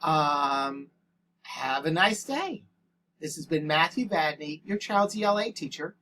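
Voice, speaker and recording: A man's voice: on the high side, lively intonation, measured pace, bright, forceful tone, slight background noise. Man teacher dictating punctuation into a headset. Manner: dictates punctuation aloud, plainspoken. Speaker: English language arts teacher. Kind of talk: screen-recorded tutorial demonstration. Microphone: headset microphone.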